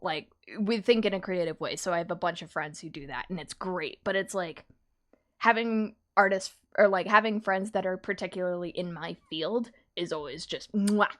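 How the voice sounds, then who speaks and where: A woman artist chatting casually on a live stream while drawing, animated and laughing often. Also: on the low side, normal speed.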